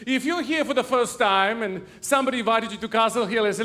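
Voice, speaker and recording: High-voiced man preaching a sermon. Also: fast talker, fairly bright tone. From lived in England. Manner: conversational preaching, slightly hesitant phrasing. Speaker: guest pastor.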